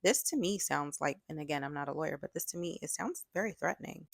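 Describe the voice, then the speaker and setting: A woman's voice: deep voice, fast, vocal fry, few pauses, no echo. A woman giving frank, exasperated casual commentary in a vlog, with many filler words. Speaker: online commentator.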